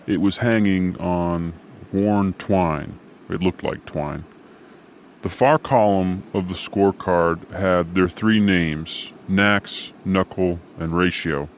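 A man narrating a whimsical story with dry, deadpan humor. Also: sits low, slow, a little hiss or hum.

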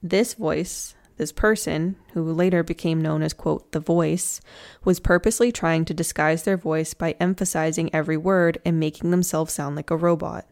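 A woman's voice: deep voice, fairly even intonation, moderate pace, gravelly, darkish tone. A woman telling a true crime story in a casual, chatty way, with slangy joking asides.

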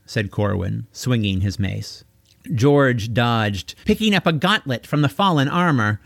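A man narrating a children's novel, reading in an expressive storytelling manner. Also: mid-range voice, unhurried, vocal fry, no echo, clean studio sound. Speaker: audiobook narrator. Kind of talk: audiobook reading.

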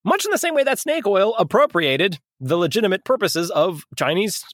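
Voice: medium pitch, very animated, normal speed, dry recording, studio quality. A podcast co-host chatting casually and joking, laughing often. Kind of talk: casual comedic chat.

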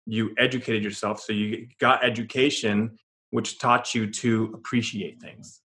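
A man's voice: fairly low pitch, flat delivery, unhurried, sharp tone. A man co-hosting a podcast in casual chat, earnest and motivational, often restarting his sentences. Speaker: podcast co-host.

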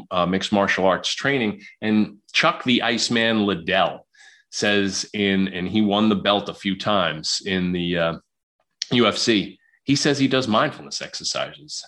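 Man, low-pitched, guest psychologist, talkative, repeats words. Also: a bit bright. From Queens, New York. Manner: talkative, repeats words when starting sentences. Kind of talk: podcast interview conversation.

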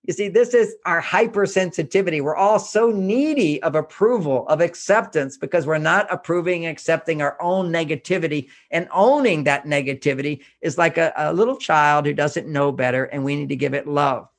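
Pitched a little high for a man, with a gravelly, creaky edge, an older Houston author and relationship guest offers self-help advice in an interview. He speaks earnestly, a little fast with hardly any pauses, hammering each point home through repetition.

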